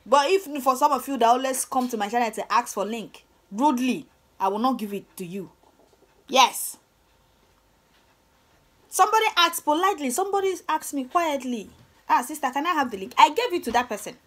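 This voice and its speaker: Nigerian woman vlogger, young, slightly high voice, scornful rant, stammery and repetitive. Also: animated, moderate pace. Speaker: channel host. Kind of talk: ranting commentary vlog.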